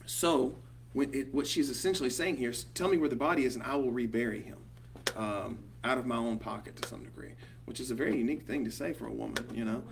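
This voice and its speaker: A man's voice: mid-range voice, fast talker, vocal fry. Man with a Southern accent, leading a Bible study. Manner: chatty and rambling, frequent ums and "you know". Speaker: small group Bible study leader. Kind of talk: casual Bible study teaching. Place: small group meeting room. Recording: distant mic with faint hum.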